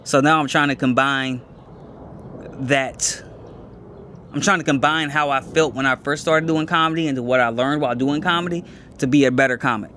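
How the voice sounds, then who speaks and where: A comedian co-hosting a podcast in casual chat, talking candidly and boastfully in quick restarts and swearing freely. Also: male voice, mid-range voice, steady tone, bright, forceful tone, a little hiss or hum.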